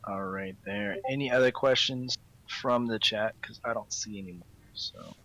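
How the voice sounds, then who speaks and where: A man's voice: on the low side, normal speed, low-quality recording. Guy on a stream reading out chat questions, laid back. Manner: relaxed, reads out viewer questions.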